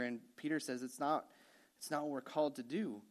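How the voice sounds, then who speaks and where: Animated man preaching a casual sermon. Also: on the high side, fast. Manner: conversational, animated storytelling with frequent "like" and "okay". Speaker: pastor.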